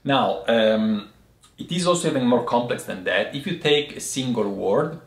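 A man hosting a language lesson, explaining thoughtfully and pausing to find his words. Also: mid-range voice, animated, roomy sound. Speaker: host teaching Chinese tea words.

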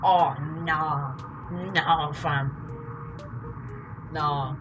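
A woman's voice: deep voice, expressive, slow pace, poor audio. A woman giving casual gameplay commentary, jumpy and swearing often. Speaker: gamer. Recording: loud game music behind.

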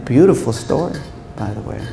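A man giving a storytelling speech to an audience of educators in a large hall, speaking in an animated way and acting out quoted voices. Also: medium pitch, a little fast, gravelly. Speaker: keynote speaker. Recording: echoey hall, faint room noise.

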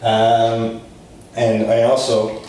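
A man talks through a casual language lesson at an unhurried pace, full of fillers, restarts and acted-out example lines. His voice rings through a very echoey room from a mic set some distance away, with faint noise underneath. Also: medium pitch. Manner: chatty and relaxed, with many fillers, restarts and acted example dialogues. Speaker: Spanish teacher.

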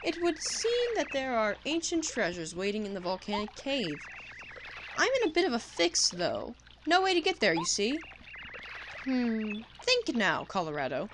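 Woman playing a pompous posh gentleman explorer in a game voiceover, high and lively, plummy drawn-out delivery. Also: background noise. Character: pompous male adventurer archaeologist, upper-class.

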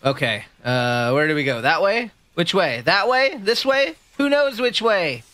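A woman streaming a video game, chatting casually with her viewers and jumping into a high, squeaky voice when she gets excited or nervous. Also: a little slow, no echo. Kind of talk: casual gameplay commentary.

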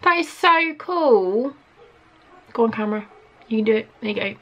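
A woman with a British accent, chatting to camera as she unboxes gifts in an excitable, gushing way full of gasps. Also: on the high side, moderate pace, dull audio. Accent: British English. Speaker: vlogger.

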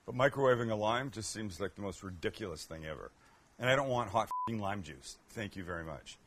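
A man's voice: on the low side, animated, fairly quick, a bit bright, slight background noise. A man hosting a cooking show, chatting casually and joking with self-mocking asides as he cooks. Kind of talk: casual cooking demo chat.

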